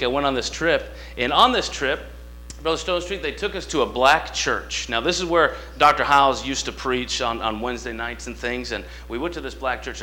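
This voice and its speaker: Bright-voiced folksy preacher man. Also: medium pitch. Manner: folksy, animated, swings between quiet asides and loud emphatic lines. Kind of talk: sermon with storytelling.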